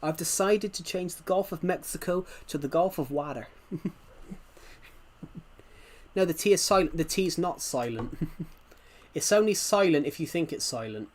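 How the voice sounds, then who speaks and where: A man's voice: on the high side, expressive, normal speed, slight background noise. A British man chats loosely while streaming a game, circling back and repeating himself as he talks. His mic sits a little away behind his laptop, so he sounds a touch distant. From Britain. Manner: rambling, repeats himself often. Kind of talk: casual gaming stream chat. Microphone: mic a bit away behind a laptop.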